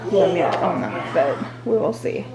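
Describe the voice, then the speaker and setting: A tired mother in her thirties sits indoors on the stairs at home, chatting candidly to camera for her vlog and rambling a little. Her fairly low, creaky voice is very animated yet a little slow, and the roomy home recording has a crowd in the background.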